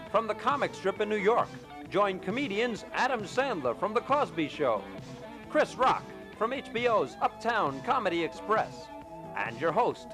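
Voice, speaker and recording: A man reading a punchy, booming TV show promo as announcer. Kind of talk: TV promo voice-over.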